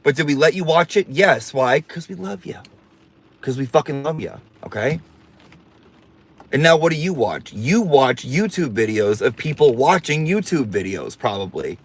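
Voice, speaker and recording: A man's voice: medium pitch, sing-song, normal speed. A man chatting on a casual livestream in a campy, sassy way, with a mid-range voice. He swears freely and reads viewer comments aloud in a playful drawl. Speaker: livestream host.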